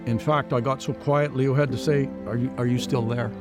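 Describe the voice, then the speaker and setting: A man's voice: mid-range voice, fairly even intonation, fairly quick, over loud music. A man giving an earnest personal testimony in an interview, retelling past conversations with many "I said" tags. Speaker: guest sharing his faith story.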